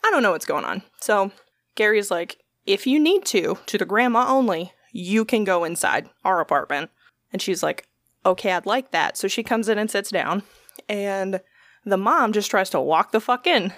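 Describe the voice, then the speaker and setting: A woman's voice: mid-range voice, moderate pace, no echo. A young adult woman telling a long story in casual chat, swearing often and acting out what people said. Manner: profane, animated storytelling with quoted voices.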